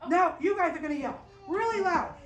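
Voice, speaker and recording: A young woman with a high voice tells a Bible story to a room of children, lively and full of questions for them. She sounds far from the microphone in an echoing room with a faint hiss. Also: a little fast, highs cut off. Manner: animated, asks the children questions. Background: children's group.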